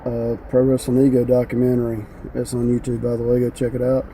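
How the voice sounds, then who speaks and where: A man's voice: mid-range voice, completely flat delivery, fairly quick, warm tone, slight background noise, low-quality recording. A man with a strong Southern US accent, co-hosting a podcast from a parked car and telling a story in a dry, drawling way. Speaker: podcast co-host, filmmaker. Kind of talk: casual chat, storytelling.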